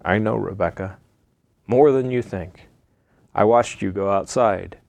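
A man voicing a loving, patient father in a read-aloud storybook, speaking slowly and reassuringly. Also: lowish voice, creaky, a little mellow, no echo, pitched below the performer's own voice.

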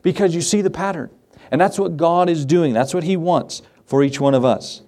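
A middle-aged man preaches a sermon in a relaxed, folksy way, and his voice sits a little higher than most men's. He talks to the congregation like he's chatting with friends, with chuckles and asides. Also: moderate pace. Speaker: pastor.

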